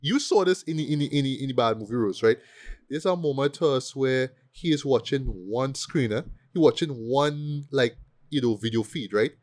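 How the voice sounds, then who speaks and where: Casual podcast co-host, man, animated and profane, mid-range voice. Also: medium pitch, normal speed. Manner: animated, profane, acts out quoted lines. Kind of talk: casual ranting movie review.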